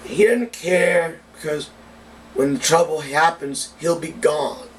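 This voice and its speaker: A man's voice: a little high, slow. Profane, ranting man on a distant mic. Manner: profane, heated political rant. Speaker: cigar reviewer. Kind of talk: casual ranting vlog monologue. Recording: distant mic with faint background noise.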